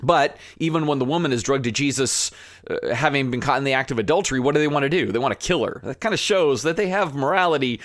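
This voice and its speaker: This is a man at a middle pitch, speaking an earnest, impassioned podcast monologue. He talks loosely, with fillers and restarts, and builds to animated emphasis. The sound is close and dry, with no room around it. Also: fast talker, no room sound. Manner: rising to animated emphasis when fired up. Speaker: podcast host.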